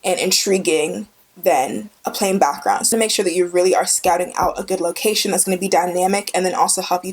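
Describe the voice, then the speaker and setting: A woman's voice: medium pitch, darkish tone. Chatty young woman teaching photography. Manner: chatty, enthusiastic, emphatic repetition. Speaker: photography tutorial host. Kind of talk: casual instructional vlog. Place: indoors with a studio light. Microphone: camera mic, speaker on camera.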